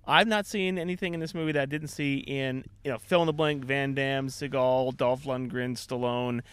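A man co-hosting a casual movie review podcast, laid-back and quick to laugh. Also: medium pitch, steady tone, a bit bright, smooth.

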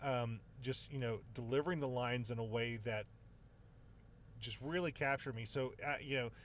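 Animated, jokey male podcast host. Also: mid-range voice, moderate pace, a little hiss or hum. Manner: animated, jokey, sarcastic asides. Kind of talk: casual movie review chat.

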